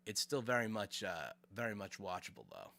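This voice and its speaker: A man's voice: fairly low pitch, brisk, creaky. A man streaming live, chatting casually with his viewers as he reacts to a clip. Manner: animated, chatty, talks to chat.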